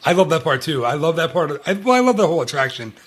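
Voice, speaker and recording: A man's voice: on the high side, very animated, very fast, fairly bright tone. A middle-aged man hosting a casual podcast chat, laughing often as he talks. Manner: laughs often while talking. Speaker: podcast host.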